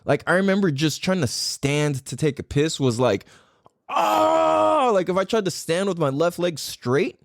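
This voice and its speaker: A man hosting a podcast, ranting casually with a profane, rambling, animated delivery. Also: fairly high pitch, moderate pace, few pauses, no room sound, studio quality. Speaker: podcast host.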